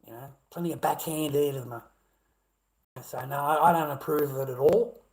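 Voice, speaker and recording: A man's voice: fairly high pitch, normal speed, darkish tone. A middle-aged man with an Australian accent ranting bluntly at his live chat, swearing heavily and repeating himself. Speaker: livestreamer.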